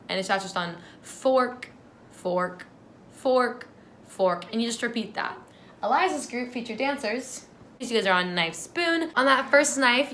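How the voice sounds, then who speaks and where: A young woman teaching a dance tutorial, clear and instructive as she breaks down and counts out moves. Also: a little high, a bit bright, a little hiss or hum.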